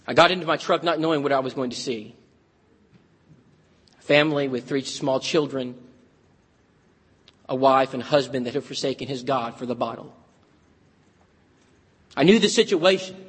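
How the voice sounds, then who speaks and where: A man's voice: mid-range voice, moderate pace, long pauses, slightly rough, in a large hall. A man preaching a sermon, moving from folksy humor into earnest, dramatic storytelling.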